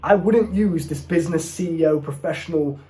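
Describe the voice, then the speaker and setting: A man's voice: a little high, normal speed, dark tone. A young man giving dating advice straight to camera, casual and blunt, calling the viewer bro. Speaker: dating coach. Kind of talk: direct-to-camera advice talk. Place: indoors, seated before a camera.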